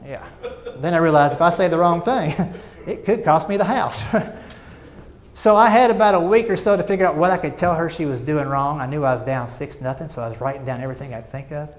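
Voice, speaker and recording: Middle-aged man, stand-up storyteller; a bit high, animated and self-mocking. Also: fairly quick. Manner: animated, self-mocking, chatty asides to the audience. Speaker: stand-up comedian. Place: stage before a live audience.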